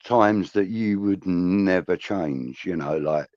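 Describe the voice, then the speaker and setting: A man with a fairly low voice co-hosts a casual chat, nudging his guest along with easygoing filler words. The sound is dry and close. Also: takes it slowly, a little mellow, no echo, lo-fi sound. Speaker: podcast co-host.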